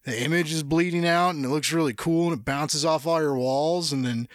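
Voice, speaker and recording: A man's voice: on the high side, fairly quick, no room sound, clean studio sound. A young man hosting his own podcast, chatting casually and rambling through stories and listener questions, swearing freely. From Kansas City area, US. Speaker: podcast host. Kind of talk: casual solo podcast chat.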